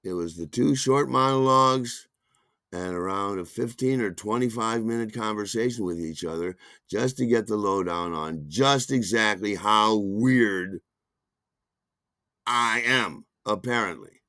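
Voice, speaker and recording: A man's voice: lowish voice, measured pace, pushed and bright, no echo, clean studio sound. A man hosting a podcast, telling a rambling, self-deprecating personal story full of asides. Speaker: podcast host.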